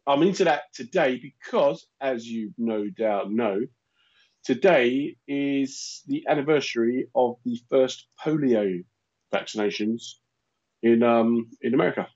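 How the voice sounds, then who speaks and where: A London man in his fifties tells stories with animated energy. His voice has a husky edge, and the sound is slightly dull and lo-fi. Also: mid-range voice. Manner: animated storyteller who slips into put-on voices. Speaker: radio host. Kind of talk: casual chat. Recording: muffled lo-fi sound.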